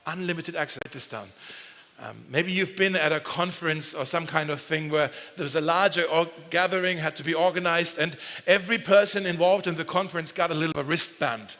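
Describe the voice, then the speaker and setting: The long reverb of a large church hall surrounds a pastor's sermon, which is conversational, jokey and dotted with mid-sentence corrections. He speaks a little fast, his voice a little high, pushed and bright.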